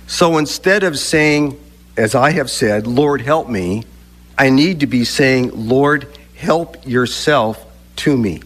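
A man preaching a sermon, speaking deliberately with emphatic pauses between phrases. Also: mid-range voice, animated, a bit bright. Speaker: pastor.

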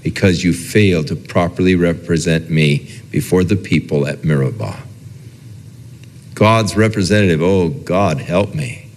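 A low-pitched man delivering a sermon from the pulpit, preaching in an easy, conversational way. He slips into the voices of the people he quotes. His voice rings out with a long reverb in a large church hall. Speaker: pastor.

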